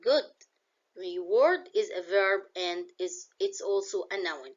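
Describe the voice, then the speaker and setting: A woman's voice: mid-range voice, expressive, slow pace. Woman, Egyptian accent, English teacher, patient step-by-step explanations, slightly dull lo-fi audio. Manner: explains English words, then glosses them in Egyptian Arabic. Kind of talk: classroom vocabulary lesson.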